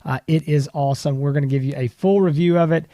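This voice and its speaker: A man's voice: fairly high pitch, fast talker, mellow, no echo, studio quality. A man co-hosting a podcast in an easygoing, casual way, signing off the show. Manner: easygoing, brief agreeing interjections. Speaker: podcast co-host.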